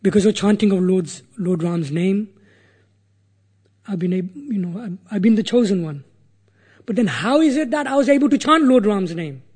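A man's voice: sits high, animated, normal speed, darkish tone, husky. A man voicing a former hunter turned sage who earnestly questions himself aloud, in a retold sacred story. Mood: wondering.

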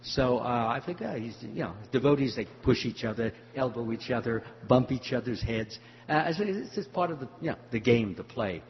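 An older man giving a devotional talk, telling a story in a halting way with many fillers. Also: mid-range voice, expressive. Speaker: spiritual teacher. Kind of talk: devotional talk answering questions. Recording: muffled hall recording with faint hum.

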